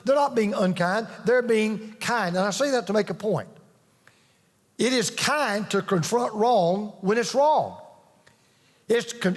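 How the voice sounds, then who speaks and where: A man preaching a sermon as pastor, telling stories earnestly and pressing his points with emphatic repetition. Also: high voice. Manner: earnest storytelling, emphatic with restarts. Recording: long reverb of a large hall.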